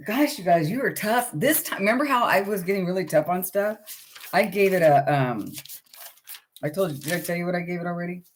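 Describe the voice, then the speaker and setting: A middle-aged woman hosting a casual book club livestream, talking in a chatty, rambling way and greeting viewers by name. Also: on the low side.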